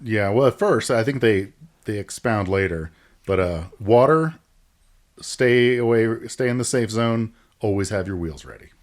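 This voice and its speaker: A man's voice: on the low side, measured pace. A man co-hosting a podcast, chatting casually and thoughtfully about a film. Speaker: podcast co-host. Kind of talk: casual chat.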